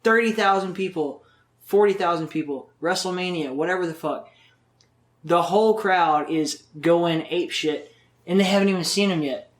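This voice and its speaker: A man with a somewhat high voice, talking casually as a guest on a podcast. He swears freely and rambles from one story to the next. The recording carries a noticeable roomy echo. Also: a bit bright. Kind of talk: casual interview chat.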